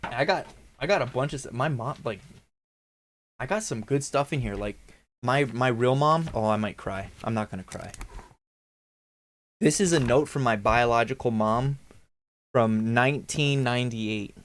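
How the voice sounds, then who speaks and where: A man's voice: medium pitch, moderate pace. Profane, rambling man in his thirties. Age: 30s. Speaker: livestream host. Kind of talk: casual livestream talk.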